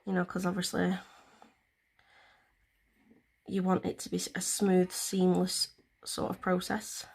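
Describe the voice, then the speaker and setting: A woman vlogger with a fairly low, darkish voice talks slowly and in a monotone, with vocal fry and a breathy edge. She walks through a nail tutorial step by step in a chatty, rambling way, full of fillers.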